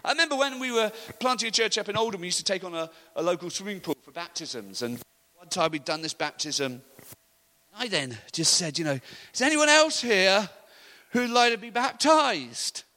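A middle-aged man preaching a sermon, telling animated stories and laughing often. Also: high voice, brisk.

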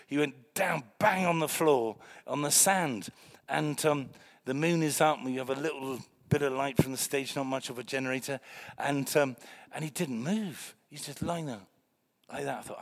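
A middle-aged man from Wales, a pastor preaching a sermon and telling stories with loud acted outbursts. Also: fairly high pitch, moderate pace. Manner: animated storytelling, bursts of loud acted voices.

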